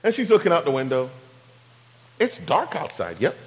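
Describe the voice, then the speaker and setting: A man's voice: fairly high pitch, huge pitch swings, normal speed. Male preacher in a reverberant hall. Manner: storytelling with rhetorical questions to the audience. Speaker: pastor. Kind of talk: sermon.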